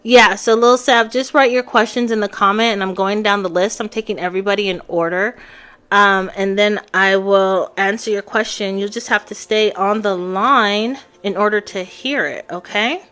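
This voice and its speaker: A woman's voice: mid-range voice, steady tone, moderate pace, a bit bright, clean tone. A woman giving a live-stream tarot reading, chatting casually and talking straight to her viewers. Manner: chatty, addresses viewers directly. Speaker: tarot reader. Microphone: phone on a live stream.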